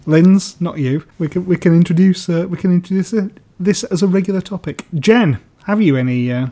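A man's voice: high voice, a little fast, warm tone. A man hosting a podcast, prompting guests with dry, teasing asides. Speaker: podcast host. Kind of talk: casual podcast chat.

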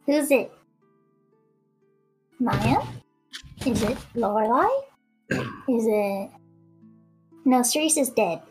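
A woman's voice: fairly high pitch, drawn-out words, long pauses, soft background music. A woman playing a tabletop game, speaking casually and playfully in character. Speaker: player.

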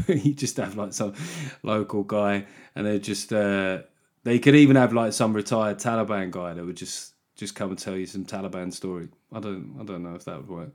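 A man hosts a solo podcast in a casual monologue, wandering off into jokey, sarcastic tangents and laughing at his own asides. He speaks at normal speed in a fairly low, slightly mellow voice.

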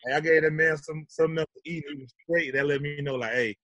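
A man's voice: fairly high pitch, level tone, fast, fairly bright tone, dry recording, highs cut off. A man telling stories about fatherhood in laid-back, slangy casual chat, often tagging on "you know what I'm saying.". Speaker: guest.

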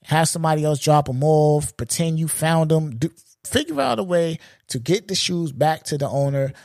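A man in his forties hosting a solo podcast, ranting in a loose, profane, animated way and laughing at his own jokes. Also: a little high, normal speed, no echo, clean studio sound. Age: 40s. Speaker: podcast host. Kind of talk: solo comedic podcast rant.

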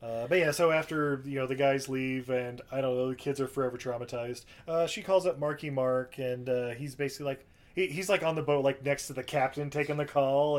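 A man's voice: medium pitch, fairly even intonation, fairly quick. A man casually recapping a movie plot in a rambling, profane way, acting out the characters in raised voices. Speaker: podcast co-host.

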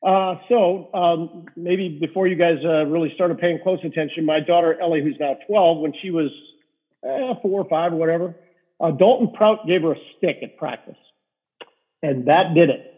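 Middle-aged guy, husky voice, a bit high, rambling stories with lots of uhs, sounds like a phone line. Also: moderate pace. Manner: rambling anecdotes with many fillers. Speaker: rink-side hockey reporter, guest. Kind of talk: casual storytelling interview.

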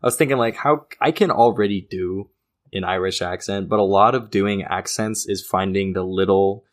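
A young man with a notably low voice co-hosts a casual podcast. He rambles loosely, laughs easily and drops a curse here and there. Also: normal speed. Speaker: podcast co-host.

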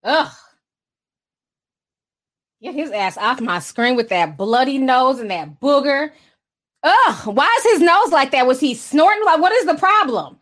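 A woman's voice: sits high, sing-song, unhurried, long pauses, fairly bright tone. A woman giving casual gossip commentary, blunt, sarcastic and profane. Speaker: commentary vlogger.

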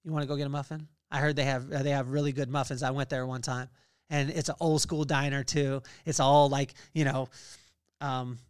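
A man's voice: medium pitch, level tone, normal speed, smooth, no room sound. A man in his forties hosting a podcast, giving a casual faith-based motivational talk and reeling off lists of virtues. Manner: conversational, reeling off lists of virtues with rising energy. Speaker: podcast host.

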